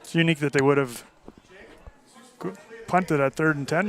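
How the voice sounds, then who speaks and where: A Canadian man does relaxed colour commentary from an outdoor football field. He talks in an easy, chatty way, leaning on fillers as he goes, and his voice sits a little high. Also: normal speed. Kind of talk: casual sports colour commentary.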